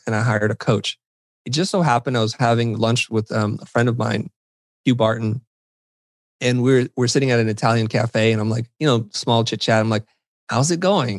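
Middle-aged man, interview guest, animated self-mocking storyteller, dry close sound, mid-pitched voice. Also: no echo. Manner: animated, self-deprecating anecdotes with quoted dialogue. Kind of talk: conversational storytelling.

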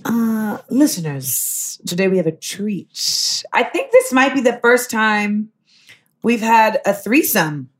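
A woman hosting a podcast in casual, playful chat, full of laughs and quick asides. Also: medium pitch, big pitch swings. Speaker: podcast host.

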